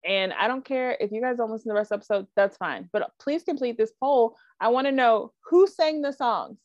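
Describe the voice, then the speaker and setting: A woman co-hosting a podcast in casual chat, animated and full of asides. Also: fairly high pitch, fairly quick, no echo. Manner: animated, with frequent likes and asides. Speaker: podcast co-host. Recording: dry, dull lo-fi sound.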